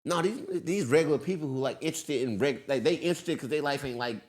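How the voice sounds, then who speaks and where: A male comedian in casual podcast chat, laid-back, jumping into high-pitched impressions of people. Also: fast talker, a little mellow.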